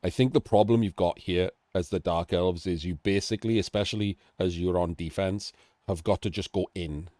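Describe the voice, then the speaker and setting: A man's voice: sits low, fairly even intonation, moderate pace, warm tone, dry recording, clean studio sound. A Welsh man with a nasal, throaty voice, sick and coughing, chatting casually through a game analysis. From Wales. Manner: chatty, self-deprecating asides.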